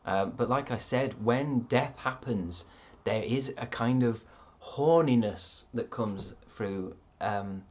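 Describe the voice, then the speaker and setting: A man's voice: medium pitch, slow, few pauses, a little mellow. A man streaming live, reading out chat with rambling dry jokes and lots of ums.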